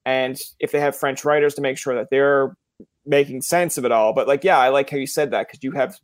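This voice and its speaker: A man's voice: medium pitch, steady tone, a little fast, dry recording. A man with a Newfoundland accent hosting a casual interview, rambling through chatty stories and slipping into playful quoted voices. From Newfoundland, Canada. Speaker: podcast host.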